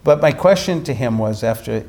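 A man, a meditation teacher, telling a story in a dharma talk with animated delivery and frequent restarts. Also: medium pitch, moderate pace.

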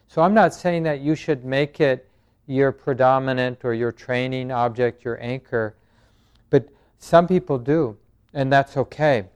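Male meditation teacher, calm and unhurried, smooth resonant tone. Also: mid-range voice. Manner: calm, gentle, thoughtful. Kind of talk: dharma talk with group questions.

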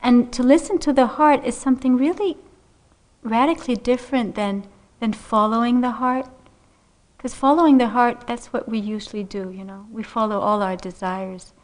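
A middle-aged woman meditation teacher telling a personal story in a dharma talk, unhurried and gentle, laughing softly often. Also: fairly high pitch, steady tone. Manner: unhurried, gentle, frequent soft laughs and "you know".

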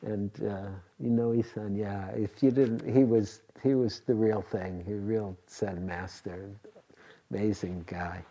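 An older man, a meditation teacher, giving a dharma talk and telling stories in a rambling way, with restarts and soft laughs. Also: fairly low pitch, steady tone, unhurried.

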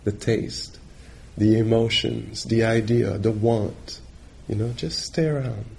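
A male meditation teacher giving a dharma talk on retreat, gentle and reflective, pausing often as he searches for words. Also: fairly low pitch, fairly even intonation, vocal fry, a little hiss or hum. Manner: halting, searching for words with many pauses.

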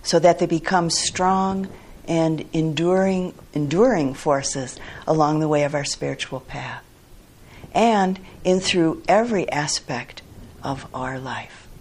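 A woman meditation teacher giving a dharma talk. She speaks slowly and reflectively, pausing between phrases. Her voice is low and breathy. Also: darkish tone. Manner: measured, reflective, with pauses.

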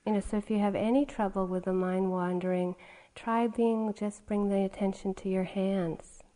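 A middle-aged woman teaching meditation in a gentle, conversational dharma talk, often saying "you know". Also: mid-range voice, fairly even intonation, normal speed. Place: meditation retreat hall.

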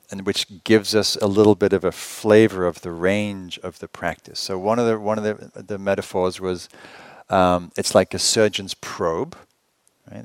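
A man teaching meditation at a retreat, talking conversationally and asking rhetorical questions with gentle humor. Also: low-pitched, no room sound. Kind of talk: retreat dharma talk.

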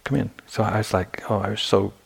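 Man, meditation teacher, evening dharma talk, gravelly low voice, husky, candid storytelling. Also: monotone, a little fast. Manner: conversational, candid, self-deprecating storytelling with frequent restarts. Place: retreat center meditation hall.

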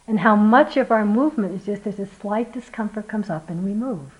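Woman giving a gentle dharma talk. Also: medium pitch, a little fast, muffled recording. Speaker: meditation teacher.

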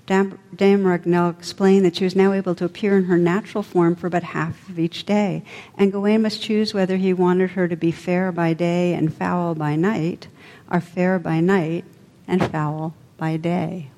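A woman meditation teacher narrates an old legend during a dharma talk, her pace soft and measured. Her voice is low and mellow. A long hall reverb hangs behind it. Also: little pitch movement.

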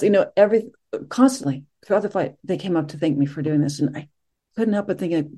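Soft-spoken woman teacher, mellow voice. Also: lowish voice, fast talker. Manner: soft-spoken, reflective, with frequent fillers and restarts. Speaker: meditation teacher giving a dharma talk. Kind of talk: dharma talk.

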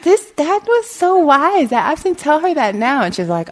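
A woman's voice: a little high, normal speed, hardly any pauses, a faint crowd, slight background noise. A woman giving a dharma talk as a meditation teacher, telling stories and laughing often. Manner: storytelling, laughs often, animated. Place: meditation hall.

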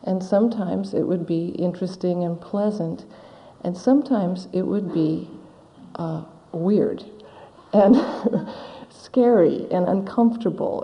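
Meditation teacher, woman, middle-aged; slow, soft-spoken storyteller, recorded in a reverberant hall. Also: on the low side. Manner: slow, gentle, reflective storytelling. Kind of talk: dharma talk. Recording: dull audio in a large hall with long reverb.

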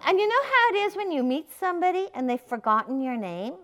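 A woman's voice: high voice, big pitch swings, quick pace, a bit bright. Playful, conversational woman meditation teacher. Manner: conversational, many fillers, playful with laughs. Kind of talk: dharma talk.

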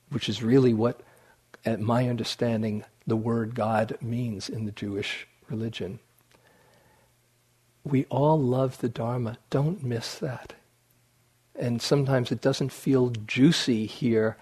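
Slow, husky male meditation teacher. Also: mid-range voice, darkish tone. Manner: reflective, unhurried storytelling. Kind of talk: dharma talk. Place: meditation hall before an audience.

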